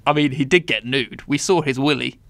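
A man with a British accent, co-hosting a casual film review podcast, playful and quick to giggle. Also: mid-range voice, creaky, a bit bright. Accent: British English. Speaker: podcast co-host.

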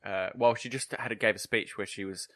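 A man co-hosting a podcast, talking through pacing and plotting flaws with a steady, analytical manner. His voice is bright and forceful. The sound is dry and close. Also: lowish voice, fast, no echo. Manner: analytical, critiques plotting at length. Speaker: podcast co-host. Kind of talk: casual discussion.

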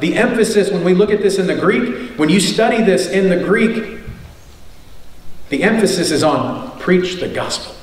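A man's voice: high voice, normal speed. A male pastor preaching an earnest sermon, stressing his points through repetition. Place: church sanctuary. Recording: echoey church hall, mic at a distance.

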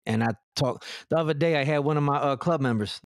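A man's voice: fairly high pitch, fast talker, clear, resonant tone, dry recording. Blunt, profane man, dry close mic. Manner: blunt, profane and direct, stuttering restarts. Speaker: podcast guest. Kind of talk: blunt casual chat.

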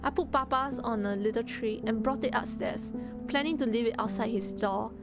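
A woman reading a story aloud and voicing a small grieving girl who speaks in halting, quiet words, holding back tears. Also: on the high side, natural voice. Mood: halting, sad. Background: music.

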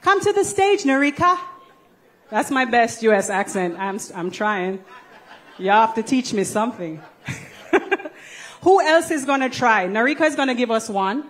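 Jamaican woman, stage co-host, playful and coaxing, a touch high. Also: expressive, a little slow. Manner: playful, coaxing, laughs often. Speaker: co-host of a church service. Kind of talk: lively stage emceeing.

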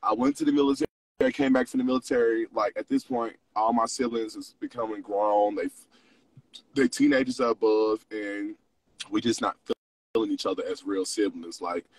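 A man's voice: lowish voice, steady tone, normal speed, breathy edge, no room sound, far from the mic, low-quality recording. A young man in his twenties hosting a livestream, mixing mock preaching with profane, confessional casual talk. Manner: profane, preachy, swings between teasing and confessional. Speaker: livestream host.

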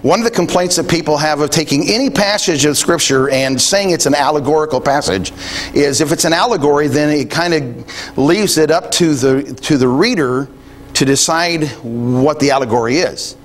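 A man's voice: on the high side, normal speed. A man preaching a sermon in a conversational way, thinking aloud with frequent restarts and quoting scripture. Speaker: pastor.

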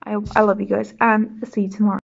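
A woman chatting casually in her reading vlog, bubbly and excitable, rambling with restarts and little laughs. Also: mid-range voice, fast talker, gravelly, lo-fi sound. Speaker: book vlogger.

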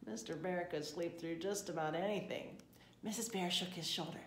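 A woman reading a children's storybook aloud in a gentle, expressive way. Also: fairly low pitch, moderate pace, echoey room, a little hiss or hum.

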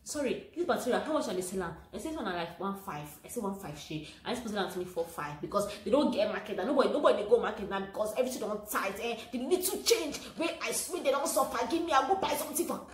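A young Nigerian woman telling a comic market story in pidgin, animated and acting out the voices of the people in it. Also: medium pitch, fast talker, few pauses. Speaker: comedy vlogger. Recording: echoey room with faint noise.

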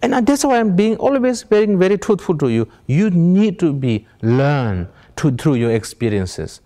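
A man's voice: on the high side, big pitch swings, moderate pace, mellow. A man giving an informal meditation teaching in plain non-native English, asking rhetorical questions and chuckling as he tells stories. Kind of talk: informal spiritual teaching to an audience.

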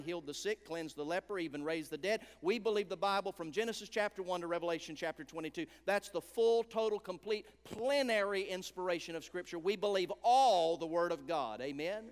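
A man with a high, smooth, resonant voice preaches a revival sermon. He hammers the phrases and then sinks to a near whisper on key words. His voice rings through a large church sanctuary with long reverb. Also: a little fast, hardly any pauses. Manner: emphatic preaching with dramatic drops to a hush. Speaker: guest preacher.

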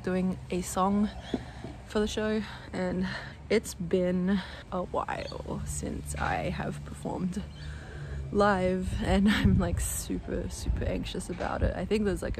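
Woman vlogger, a bit low-pitched, winded, rambling and dry, recorded on a phone. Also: a little hiss or hum. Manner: rambling, wry and self-mocking. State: out of breath. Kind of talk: casual phone vlog.

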